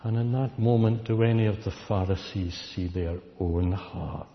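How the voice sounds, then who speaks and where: A man preaching a sermon, slow and deliberate, repeating key words for weight. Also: low voice. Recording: dull recording with long hall reverb.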